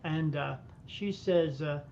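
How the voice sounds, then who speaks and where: A man, a medium, telling a lively story as a podcast guest, acting out the voices of people in it. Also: slow, creaky. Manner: animated anecdotes, acting out quoted voices. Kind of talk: casual storytelling. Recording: muffled audio with faint rumble.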